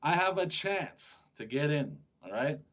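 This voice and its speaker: A man's voice: a little high, expressive, a little slow, a bit bright. A man hosting a sports podcast, chatting casually and joking with his co-host, often restarting his sentences. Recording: dull lo-fi sound.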